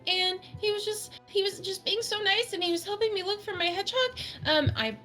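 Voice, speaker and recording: A woman's voice: very high-pitched, lively intonation, pushed and bright, faint music behind, heavily acted. A woman playing a scared, fretful young woman. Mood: worried. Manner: rushed, stumbling restarts.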